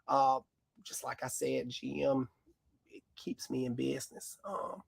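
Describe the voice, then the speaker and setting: A man's voice: medium pitch, completely flat delivery, unhurried, creaky, breathy edge, no room sound, clean studio sound. A man, a mechanic co-hosting a casual live car Q&A, who explains at length in a folksy way. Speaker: mechanic, co-host.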